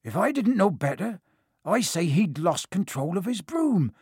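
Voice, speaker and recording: A man voicing a huge, gentle, rough-spoken groundskeeper with rustic grammar. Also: high-pitched, very animated, unhurried, no echo, clean studio sound, voice pushed up, exaggerated voice. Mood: worried. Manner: rustic, ungrammatical speech.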